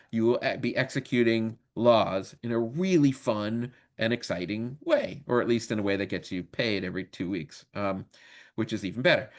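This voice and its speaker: A man in his fifties teaching a training webinar. His voice sits in a medium pitch, and he talks casually and jokes with the audience. His pace is steady, and he fills pauses with frequent ums. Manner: casual, joking, many ums. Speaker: legal trainer.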